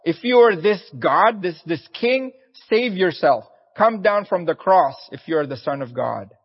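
A man's voice: high voice, lively intonation, measured pace, big-room sound, lo-fi sound, voice pushed up, full character voice. A man preaching a sermon takes on the voice of a jeering male bystander mocking a condemned man. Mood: taunting.

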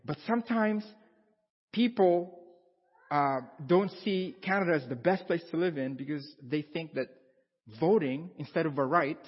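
A male pastor with a slightly high, husky voice gives a chatty sermon to his congregation. He stumbles, repeats lines and throws questions at the room. The sound is dull, with a long hall reverb. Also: unhurried. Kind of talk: conversational sermon.

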